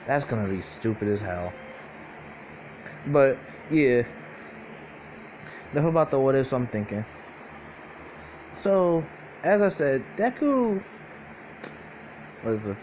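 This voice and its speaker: A man's voice: mid-range voice, a little hiss or hum. A young man casually improvising a fan-fiction story aloud, rambling and profane, full of fillers and self-corrections.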